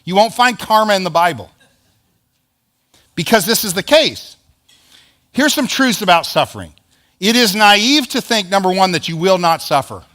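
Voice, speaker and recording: A man's voice: high voice, pushed and bright. A male pastor preaching a sermon in a conversational, emphatic way, acting out quoted lines.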